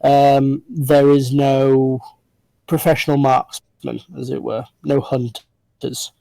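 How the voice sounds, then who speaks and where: A man narrating a tabletop game as game master, describing scenes in an unhurried way with frequent fillers. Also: medium pitch, level tone, gravelly, warm tone, no echo, rough recording.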